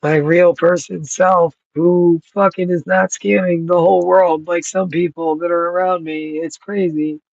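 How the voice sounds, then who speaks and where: A man's voice: sits high, little pitch movement, measured pace, creaky, few pauses, darkish tone, dry recording, lo-fi sound. A man in his thirties vlogging outdoors on a cold, rainy night, rambling and swearing freely as he thinks aloud. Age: 30s. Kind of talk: rambling casual vlog talk.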